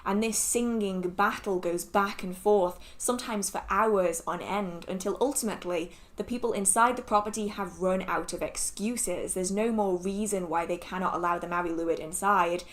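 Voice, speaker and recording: A woman narrating a folklore video in a steady, explanatory way. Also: mid-range voice, normal speed, hardly any pauses. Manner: steady, explanatory, apologetic about pronunciation. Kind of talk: scripted narration.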